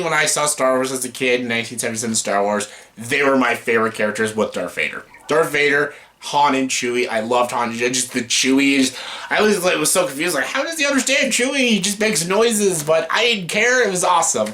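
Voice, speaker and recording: A man hosting a casual movie chat, excitable, swearing freely and laughing often. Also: on the high side, a little fast. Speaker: YouTube host.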